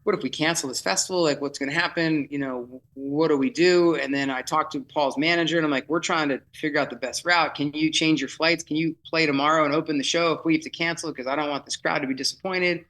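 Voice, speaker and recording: A man telling a vivid, excitable story in podcast chat, often restarting his sentences. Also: a little high, fast talker, few pauses, low-quality recording. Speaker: festival producer guest.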